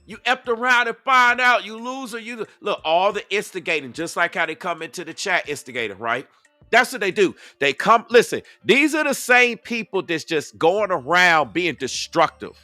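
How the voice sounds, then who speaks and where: High, animated man in heated commentary. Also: normal speed, no echo, studio quality, soft background music. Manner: confrontational, preachy, repeats points with rhetorical questions; loose slangy talk aimed at the audience. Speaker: commentator reacting to video clips.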